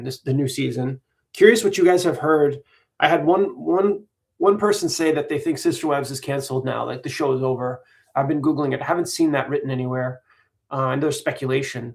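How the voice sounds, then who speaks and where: A man from the United States hosting a parody channel, chatting casually and rambling earnestly to his viewers on a livestream. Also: mid-range voice.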